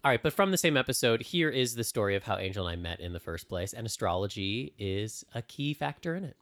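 A man's voice: fairly low pitch, big pitch swings, fast talker, a bit bright. A man co-hosting a casual podcast, explaining things in a thoughtful, earnest way. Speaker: podcast co-host. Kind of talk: casual podcast chat about astrology.

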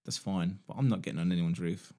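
A man's voice: sits low, fast, gravelly, mellow. A man co-hosting a casual comedy podcast, rambling and swearing freely as he chats. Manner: rambling, sweary, restarts a lot. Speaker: podcast co-host.

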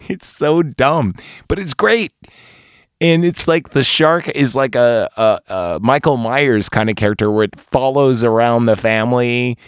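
A man's voice: medium pitch, a little slow, smooth, dry recording, studio quality. A man hosting a podcast, giving a casual and enthusiastic movie review, rambling and swearing freely. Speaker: podcast host.

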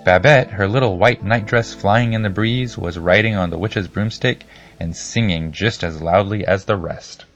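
Low voiced guy reading a kids story, steady, bit of music behind. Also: normal speed, dull audio. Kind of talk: scripted storybook narration.

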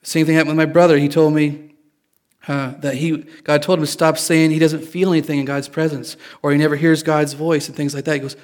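A man's voice: a little high, flat delivery, fairly quick. A man preaching a sermon in a casual, confessional way, joking with his listeners. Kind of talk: conversational sermon.

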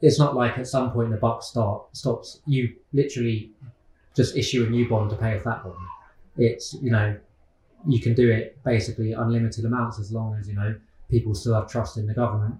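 A man speaks in a loose interview, circling his points with plenty of ums, you-knows and restarts. His voice has a middling pitch and rings a little in a roomy, echoey space. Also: flat delivery, brisk, darkish tone, slight background noise. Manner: hesitant, many fillers and restarts. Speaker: guest economist. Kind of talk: casual interview.

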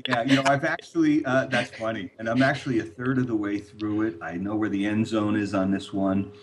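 A man's voice: fairly low pitch, steady tone, fairly quick, noisy background. Rambling older man telling stories. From New York area. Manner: rambling, repeats words, laughs at his own stories. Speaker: guest, former record label executive. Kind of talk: storytelling in a podcast interview.

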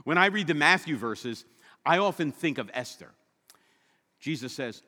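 A male pastor preaching a sermon with animated, humorous storytelling. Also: mid-range voice, normal speed, long reverb tail.

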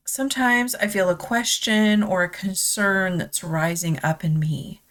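A woman's voice: medium pitch, a bit bright. A woman hosting a devotional podcast, speaking in a tender, confessional way and reading scripture aloud. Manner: slow, tender and confessional, near tears.

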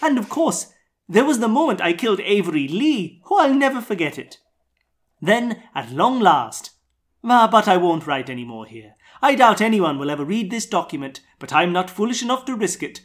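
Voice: mid-range voice, very animated, moderate pace, pitched above the performer's own voice, natural voice. A tabletop player reading out a smug, scheming supervillain's journal in a put-on Australian accent. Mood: gloating. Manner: smug, theatrical, relishing.

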